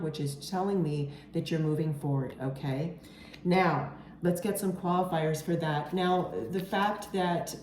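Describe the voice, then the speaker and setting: A woman reads tarot in a low, warm voice, earnest and reassuring, often pausing to ask "okay?". She sounds close to tears at times. The sound is roomy and echoey, with a faint hiss behind it. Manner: emotional, near tears at moments. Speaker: tarot reader. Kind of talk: tarot reading to camera.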